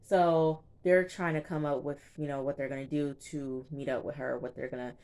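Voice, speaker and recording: Chatty young woman with a low voice. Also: fairly even intonation, moderate pace, a little mellow. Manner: chatty, slangy, retells scenes with quoted dialogue. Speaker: TV recap vlogger. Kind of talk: casual episode recap.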